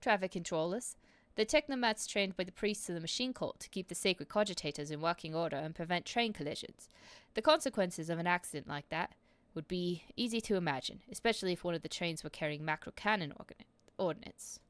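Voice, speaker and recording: A stern, scornful male enforcer captain, as a woman puts him on, speaking in stiff, officious military phrasing. The voice sits fairly low and sounds dry and close, with no room around it. He reads like game dialogue. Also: brisk, fairly bright tone, smooth, no room sound, close to an everyday voice. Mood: stiff formal. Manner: formal, stiff military speech. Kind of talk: reading game dialogue aloud.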